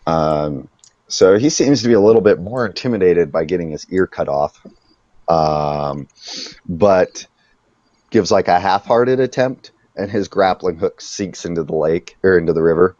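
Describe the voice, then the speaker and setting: A man with a deep, mellow voice runs a tabletop game, narrating in a relaxed, chatty way full of little fillers. His voice comes through a dull, lo-fi mic with a dry sound. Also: unhurried, dry recording. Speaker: game master.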